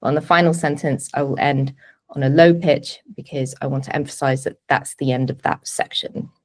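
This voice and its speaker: A woman presentation coach teaching a webinar from a home office, with clear, deliberate emphasis on key words. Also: extremely low pitch, steady tone. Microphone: video call webinar.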